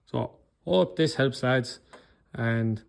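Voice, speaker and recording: A man's voice: medium pitch, very slow, vocal fry. A man with an Irish accent, coaching in a motivational talk, speaking with controlled anger and passion and often checking in with "okay?". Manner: blunt, swears, keeps checking in with "okay?".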